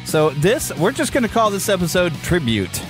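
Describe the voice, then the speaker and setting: A man's voice: high-pitched, very animated, moderate pace, soft background music. A man hosting a podcast in casual chat, rambling and upbeat, with lots of fillers and restarts. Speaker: podcast host. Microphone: podcast microphone.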